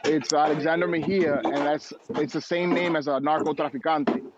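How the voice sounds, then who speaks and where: A man telling stories on a podcast, with slang asides and a slightly high voice. His recording is muffled, and clear crowd noise runs behind it. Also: fairly even intonation, normal speed. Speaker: podcast crew member. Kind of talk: casual chat.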